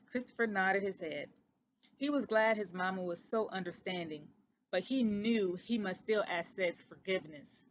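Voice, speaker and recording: A woman reading a children's picture book aloud as a storyteller, steady and unhurried. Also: medium pitch, slight background noise.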